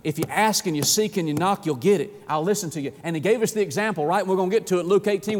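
Man, preacher, sermon, emphatic then hushed, high-pitched, echoing hall. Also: quick pace, hardly any pauses, a little hiss or hum. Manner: dynamic preaching with sudden drops to a low hush. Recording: echoey with long reverb.

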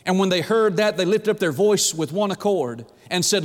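Brief: pastor, man, animated pulpit delivery, high voice, long church-hall reverb. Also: moderate pace. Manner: animated preaching, dramatizing quoted prayers. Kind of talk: sermon.

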